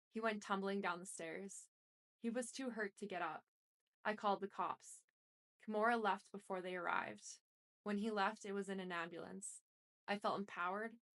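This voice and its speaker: A woman reads a first-person memoir aloud with intense, emotional delivery. Her voice sits at a middle pitch for a woman, and she carries the tension of the story line by line. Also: fairly bright tone. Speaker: reader. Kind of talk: dramatic first-person book reading.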